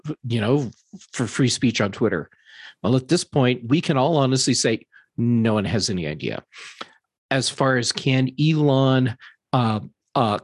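A man co-hosting a casual panel discussion, giving measured, thoughtful analysis with some restarts. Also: medium pitch, slightly rough, dry recording.

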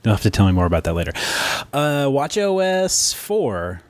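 A man's voice: mid-range voice, big pitch swings, moderate pace, a little mellow, no echo. A man hosting a casual tech chat, rambling and correcting himself as he goes, laughing easily.

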